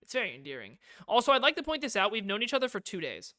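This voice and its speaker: A man's voice: extremely high pitch, big pitch swings, rapid-fire, sharp tone. A young man from the United States streaming a visual novel, reading it aloud and joking with lots of swearing. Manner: profane, joking, reads game text aloud. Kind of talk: casual gameplay commentary.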